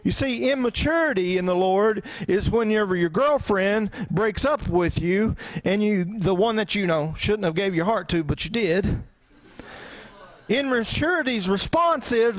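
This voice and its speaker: High-voiced man preaching a sermon. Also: expressive, unhurried. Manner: conversational preaching with rhetorical questions. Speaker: pastor. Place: church.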